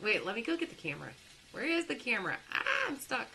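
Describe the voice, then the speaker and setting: A woman's voice: a little high, big pitch swings, fast, creaky, pushed and bright, rough recording. A young woman with a Texas accent, chatting animatedly as she hosts a live game stream and laughs often.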